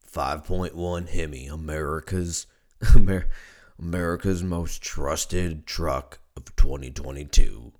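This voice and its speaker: A hoarse man doing an impression of an older male truck-commercial announcer, with a deep, gravelly drawl and a slow, solemn ad-read delivery. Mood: mock-solemn.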